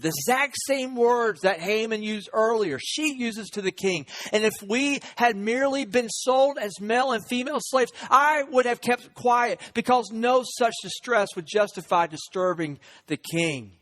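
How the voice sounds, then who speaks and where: Man, pastor, sermon, high voice, lively storytelling, voices the characters. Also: measured pace, few pauses. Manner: storytelling, acting out the characters' lines.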